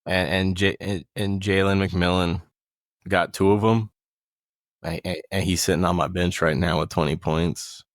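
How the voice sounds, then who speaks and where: A man co-hosting a casual podcast, excitable and joking, swearing freely. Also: low voice, moderate pace, no echo, studio quality. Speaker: podcast co-host. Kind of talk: casual chat.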